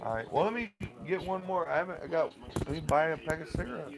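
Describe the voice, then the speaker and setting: A young man at home rambling in an agitated rant that keeps getting louder and more heated. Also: a little high, big pitch swings, fast, vocal fry, rough recording. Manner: agitated, repetitive, grows loud and heated. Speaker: vlogger. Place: home, indoors.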